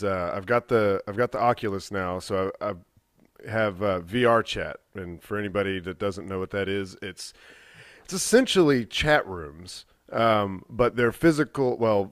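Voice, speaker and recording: A man's voice: lowish voice, no echo, clean studio sound. A young adult man casually telling a long, profane story on a podcast, acting out quoted dialogue. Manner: rambling, profane, animated retelling with quoted dialogue. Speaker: podcast co-host.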